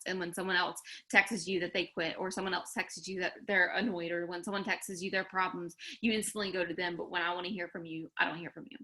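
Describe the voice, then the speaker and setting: A woman's voice: fairly low pitch, fairly even intonation, a little fast, few pauses, bright, forceful tone. A woman giving a candid, earnest faith pep talk to her followers, full of fillers and direct challenges.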